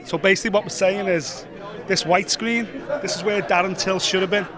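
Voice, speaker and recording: Excitable high-voiced man hosting a vlog. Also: brisk, a crowd in the background. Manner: chatty, excitable, sweary. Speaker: host. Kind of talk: casual walk-and-talk vlog.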